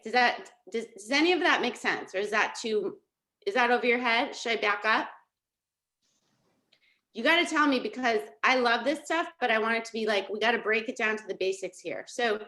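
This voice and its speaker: A middle-aged woman leading a live coaching session over a video call, energetic and checking in with her listeners again and again. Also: a little high. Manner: energetic, checks in often with "okay?" and "right?". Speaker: life coach.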